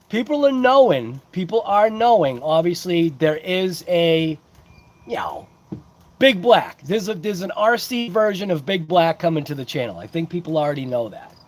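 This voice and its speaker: A man hosting a casual livestream who rambles along and greets chat viewers by name. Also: high voice. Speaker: host of a hobby livestream. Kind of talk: casual live-chat unboxing.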